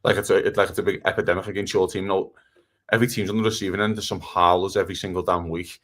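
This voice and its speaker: A man ranting heatedly about football on a casual podcast, swearing and talking fast. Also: low-pitched, steady tone, a bit bright. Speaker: podcast co-host.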